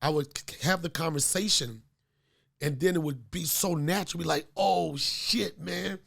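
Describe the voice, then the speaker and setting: Raspy-edged comedian host, loose and profane. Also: male voice, fairly high pitch, moderate pace, fairly bright tone. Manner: loose, profane, storytelling with lots of fillers. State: getting over a cold. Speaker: podcast host. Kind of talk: casual comedic podcast chat.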